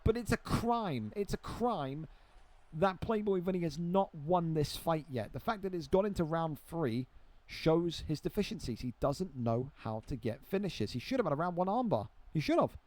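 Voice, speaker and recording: A young man giving live play-by-play commentary on a video game fight, excitable and swearing freely as he banters with friends. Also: on the high side, moderate pace, dry recording.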